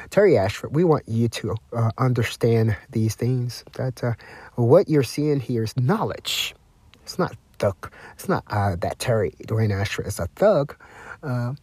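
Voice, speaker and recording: A man hosting a talk broadcast, lecturing slowly and repeating himself while he speaks of himself in the third person. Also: medium pitch, a little mellow, breathy edge. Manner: deliberate, repetitive, refers to himself in the third person; lecturing, with drawn-out emphasis and spelled-out words. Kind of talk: self-promoting monologue.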